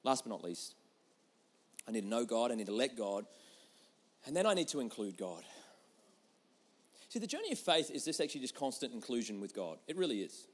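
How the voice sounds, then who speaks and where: A man preaching a sermon, earnest and acting out prayers, swinging between loud outbursts and hushed moments. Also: medium pitch, big pitch swings, fairly quick, pauses often, breathy edge. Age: adult parent. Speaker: pastor.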